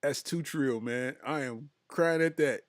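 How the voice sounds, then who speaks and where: A man's voice: medium pitch, a little slow, no room sound, clean studio sound. A man hosting a comedy podcast, reading his live chat aloud in loose, slangy talk and breaking into laughter often.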